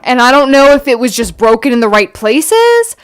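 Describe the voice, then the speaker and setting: A woman co-hosting a podcast, with a high voice that swoops up and down. She cuts into the casual chat with blunt remarks. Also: sing-song, normal speed, clean tone. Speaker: podcast co-host.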